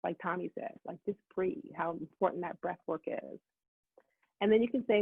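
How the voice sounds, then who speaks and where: A middle-aged woman giving a motivational talk, talking fast and acting out her own inner voice. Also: on the low side, husky, no room sound. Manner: fast-talking, animated self-talk quotes. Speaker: summit speaker. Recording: tinny phone-like line, dry.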